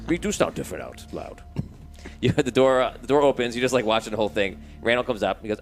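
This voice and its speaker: A man's voice: mid-range voice, expressive, fast talker, soft background music. A man running a tabletop game as game master, narrating with many fillers and restarts. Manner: rambling, many fillers, laughs often.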